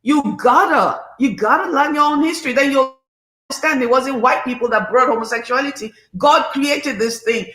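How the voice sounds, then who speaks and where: A woman's voice: sits high, moderate pace, fairly bright tone, echoey room. Passionate Nigerian woman in her fifties. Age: 50s. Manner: passionate, emphatic, preachy. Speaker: livestream host. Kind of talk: casual livestream talk.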